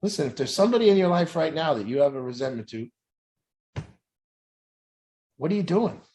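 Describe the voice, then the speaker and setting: A man's voice: fairly high pitch, lively intonation, rapid-fire, warm tone. A man who works as an addiction recovery coach, talking bluntly and intensely about truth in families and swearing often. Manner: profane, intense, preachy. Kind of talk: blunt motivational talk.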